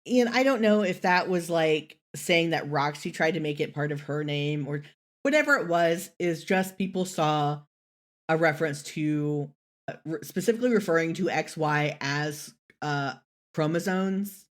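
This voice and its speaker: A woman co-hosting a casual podcast, talking in a rambling, animated way and swearing casually. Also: low voice, unhurried. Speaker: podcast co-host.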